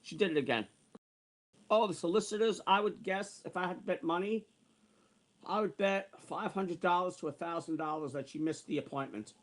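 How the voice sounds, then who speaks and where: A sixty-year-old man in a heated, profane rant, circling back over the same points again and again. His voice sits a little high for a man, and his delivery is worked up and insistent. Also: normal speed. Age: 60s. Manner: heated, repetitive, profane ranting. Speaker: online streamer. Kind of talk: angry ranting monologue.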